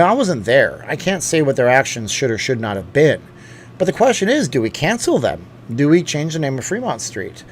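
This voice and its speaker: A man's voice: mid-range voice, a little hiss or hum. A man hosting a casual live stream, reading out viewer comments and rambling, with lots of fillers and restarts. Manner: chatty and rambling, with many fillers and self-corrections.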